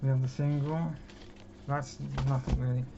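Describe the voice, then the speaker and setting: Young man from Britain, casual rambling vlogger, mid-pitched voice, lo-fi room sound. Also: fairly even intonation, moderate pace. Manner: chatty, self-mocking, rambling. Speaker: record collection vlogger. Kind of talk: casual chat. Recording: dull lo-fi with clear background noise.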